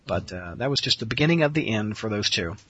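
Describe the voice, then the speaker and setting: A man hosting a casual chat podcast, his voice bright and slightly husky. He talks with a lively, swinging pitch and drops in frequent uhs. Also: fast talker, highs cut off. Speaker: podcast host.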